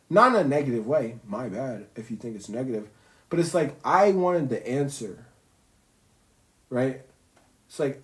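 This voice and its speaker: A man's voice: mid-range voice, animated, normal speed, pauses often. A man livestreaming from his bedroom in a casual, rambling monologue, swearing freely, using slang and making little zooming sound effects. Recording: roomy echo.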